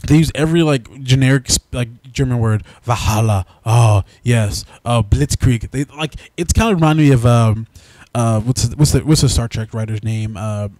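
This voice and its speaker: Guy ranting about a movie with his buddy, animated, middle pitch, dry sound. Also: normal speed, few pauses, dry recording. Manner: animated, mocks dialogue in exaggerated put-on voices. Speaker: movie reviewer, co-host. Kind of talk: casual review chat.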